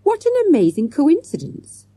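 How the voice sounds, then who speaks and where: A woman playing a jolly, polite schoolteacher in a storybook, his voice pitched up high. He speaks heartily and with good manners. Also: huge pitch swings, moderate pace, dark tone, dry recording. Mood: hearty.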